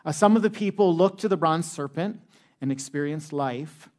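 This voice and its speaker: A man's voice: fairly high pitch, normal speed, a little mellow. A man in his thirties, a pastor preaching a sermon in a conversational, humorous way with many "uh" fillers.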